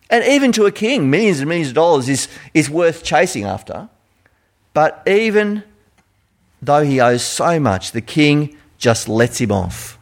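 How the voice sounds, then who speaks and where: Aussie preacher, casual and chatty, asks the congregation lots of questions, voice swings up and down. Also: male voice, a little high. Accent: Australian. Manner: conversational, animated, asks rhetorical questions. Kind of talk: sermon.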